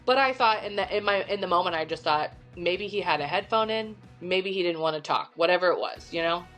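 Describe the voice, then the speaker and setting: A middle-aged Midwestern American woman with a lowish voice, telling a story on a podcast. She talks in an animated, chatty way, and faint music sits under her voice. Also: brisk. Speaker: podcast guest. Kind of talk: casual storytelling.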